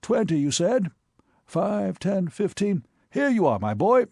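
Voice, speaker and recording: A fussy, self-satisfied old gentleman, put on by a male narrator in an audiobook, beaming over everyone's business. His voice rides high and swoops about with hearty emphasis. The recording is close and dry. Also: sing-song, measured pace, vocal fry, dry recording, heavily acted. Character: genial, pompous elderly uncle, a titled gentleman. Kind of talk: audiobook character voice.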